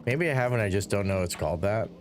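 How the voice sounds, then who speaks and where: A man's voice: fairly low pitch, lively intonation, quick pace, music in the background. A man streaming a building game, rambling casually and reading viewer chat aloud between giggles.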